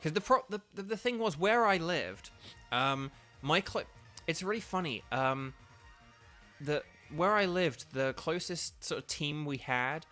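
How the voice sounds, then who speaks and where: A man's voice: a little high, expressive, unhurried, sharp tone, soft background music. A man from England, chatting casually as he streams a game, rambling with lots of fillers and restarts. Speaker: streamer and voice actor. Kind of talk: casual let's-play commentary.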